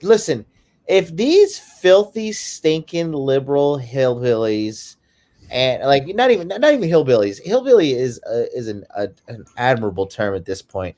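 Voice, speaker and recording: A man's voice: mid-range voice, normal speed. A man co-hosting a podcast in casual chat, telling stories in a crude, mocking way. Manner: crude, mocking, animated storytelling. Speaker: podcast co-host.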